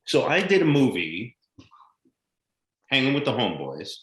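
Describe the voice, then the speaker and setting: An older American man, a guest actor telling lively, blunt, profane stories from his career in a casual interview. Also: mid-range voice, moderate pace. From United States. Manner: animated anecdotal storyteller, blunt and profane. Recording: echoey room sound.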